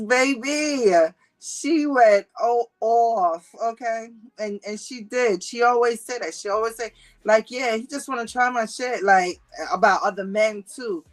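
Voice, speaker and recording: A woman hosting a livestream, reading chat comments and gossiping in a sassy, slangy way with frequent laughter. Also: a little high.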